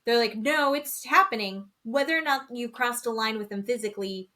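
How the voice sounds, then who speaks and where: A woman co-hosting a podcast, casually retelling a reality show with lively, dramatic quoting of the people in it. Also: a little high, fast. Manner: animated gossipy storytelling, acting out quotes. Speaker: podcast co-host. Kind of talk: casual chat recapping reality TV.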